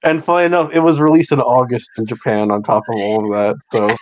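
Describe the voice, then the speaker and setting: A man of medium pitch co-hosting a relaxed movie talk. He drops wry, dry remarks as the others talk. The sound is close and dry. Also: a little fast, no room sound, low-quality recording. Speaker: podcast co-host. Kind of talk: casual movie review chat.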